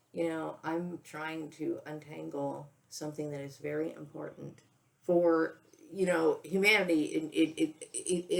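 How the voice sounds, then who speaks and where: Low gravelly older woman, near tears. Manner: rambling, many restarts, frequent "okay?" and "you know". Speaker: vlogger. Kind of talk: emotional personal monologue.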